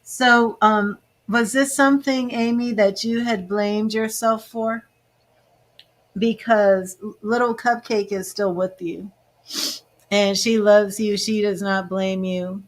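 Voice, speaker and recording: This psychic medium and tarot reader does live readings in a steady, mid-range voice at a slow pace. Her talk is chatty and loaded with fillers, emotional and effusive, now and then turning tearful.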